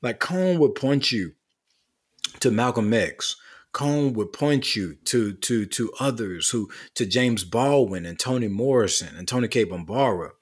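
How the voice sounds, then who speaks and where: A man's voice: mid-range voice, lively intonation, a little slow, breathy edge. A man speaking as a guest author in a casual interview, earnest, building long lists with rising emphasis.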